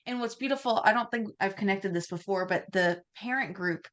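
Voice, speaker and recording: A woman's voice: medium pitch, a little fast, fairly bright tone. A woman co-hosting a faith podcast, eager to share her thoughts. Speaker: co-host. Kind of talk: casual podcast chat.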